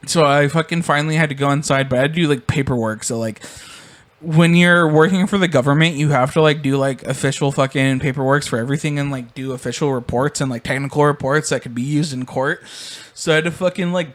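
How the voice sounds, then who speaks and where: A man's voice: a little high, steady tone, fast talker. A young man hosting a podcast, telling a rambling story full of swearing in casual chat. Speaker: podcast co-host.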